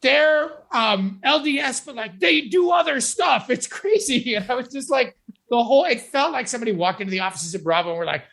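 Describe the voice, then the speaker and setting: A man's voice: very high voice, expressive, a little fast, vocal fry, fairly bright tone. A man hosting a podcast in casual chat, rambling and self-mocking as he laughs often. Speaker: podcast host.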